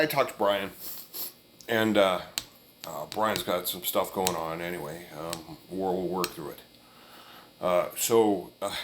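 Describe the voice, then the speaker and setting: Folksy, low-voiced man telling a story. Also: fairly bright tone, a little hiss or hum. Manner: folksy, rambling, chuckling while telling. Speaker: vlogger telling a family story. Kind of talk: casual storytelling. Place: indoors, room with an amplifier.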